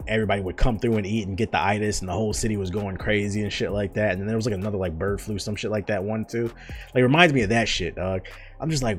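Profane rambling young man podcaster. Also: on the low side. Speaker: podcast host. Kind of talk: casual solo podcast rant.

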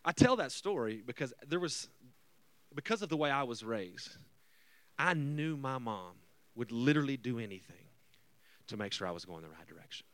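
A male pastor telling a personal story in his sermon, animated and conversational, acting out quotes. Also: medium pitch, moderate pace.

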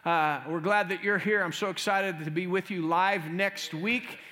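Fervent middle-aged male pastor, bright voice. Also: high voice, fairly even intonation, normal speed, in a large hall. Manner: fervent, emphatic preaching with folksy asides. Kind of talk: sermon. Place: church sanctuary.

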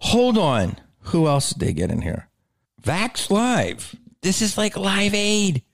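A man's voice: high-pitched, very animated, slow pace, vocal fry, no room sound, clean studio sound. A middle-aged man hosting a solo podcast, ranting sarcastically and swearing a lot. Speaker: podcast host.

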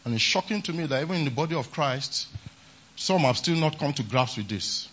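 Male pastor, emphatic sermon delivery with a husky edge, muffled lo-fi conference recording. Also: on the high side, lively intonation, brisk, fairly bright tone. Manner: emphatic, repeats "praise the Lord". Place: large conference hall.

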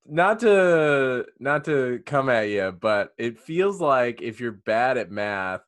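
Male improv interviewer, mock-earnest, animated in pitch. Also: slow pace.

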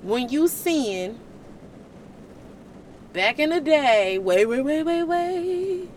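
A woman giving casual Bible teaching in an animated, slangy, joking way. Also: high voice, drawn-out words, a little hiss or hum. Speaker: Christian vlogger teaching the Bible.

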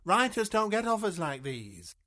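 An actress playing a brisk, blunt female agent in a radio sitcom, frank and coaxing by turns. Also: medium pitch, big pitch swings, sharp tone.

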